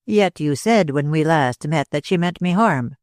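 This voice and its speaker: A man voicing a puzzled, touchy young gentleman who asks clipped, wary questions. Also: fairly high pitch, expressive, measured pace, no room sound, clean studio sound.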